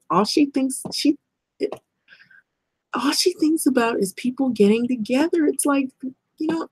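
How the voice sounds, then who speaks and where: A woman's voice: mid-range voice, a little mellow, slight background noise. A middle-aged woman talking bluntly and rambling in a casual vlog monologue, swearing and laughing often. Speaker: vlogger.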